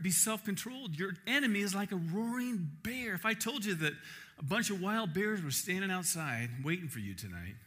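A man preaching a sermon at a camp, emphatic and animated, asking the listeners rhetorical questions. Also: high voice.

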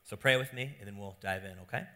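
A young adult man, a pastor preaching a sermon with animated, playful storytelling. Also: fairly low pitch, fast.

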